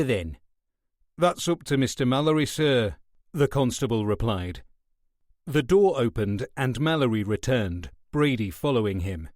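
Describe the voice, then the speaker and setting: Man reading an audiobook with lively pitch. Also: no room sound, studio quality. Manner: expressive storytelling reading. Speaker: audiobook narrator. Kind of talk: scripted narration.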